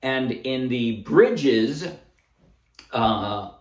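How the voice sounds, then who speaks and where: A medium-pitched man speaks extremely slowly as he casually demonstrates a ukulele song, explaining chords and strums and singing bits of it. The recording has the highs cut off and a roomy echo, his voice set back from the mic and the loud ukulele playing throughout.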